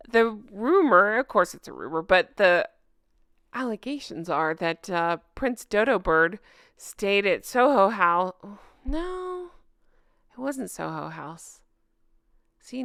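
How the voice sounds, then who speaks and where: A woman's voice: medium pitch, creaky, fairly bright tone, no echo, clean studio sound. A woman giving sarcastic casual commentary, laughing often and mocking with asides. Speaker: commentary vlogger.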